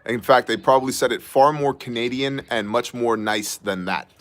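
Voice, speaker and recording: A man hosting a casual news commentary show, sarcastic and joking with quick asides. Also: mid-range voice. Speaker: host of a news brief show.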